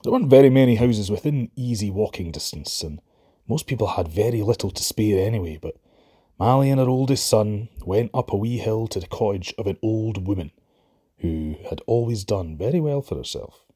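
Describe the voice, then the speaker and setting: A Scottish man narrating a folk tale with a low, husky voice. His telling is lively and expressive. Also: normal speed. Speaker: storyteller.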